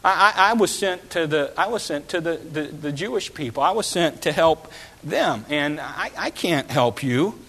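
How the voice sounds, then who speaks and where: A male preacher retelling a scene who speaks a calm, firm teacher's refusal in plain, halting words. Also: a little high, breathy edge, full character voice.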